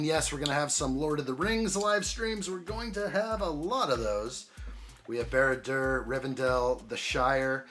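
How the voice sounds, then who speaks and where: A man's voice: mid-range voice, a bit bright. A man hosting a casual live stream, greeting viewers by name in an upbeat way while unboxing and building.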